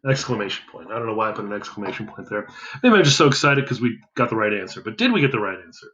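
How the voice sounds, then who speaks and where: A man's voice: on the low side, big pitch swings, very fast, fairly bright tone, echoey room, muffled recording. A man teaching a math lesson, talking casually and thinking aloud as he counts through a division problem. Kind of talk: worked-example math lesson.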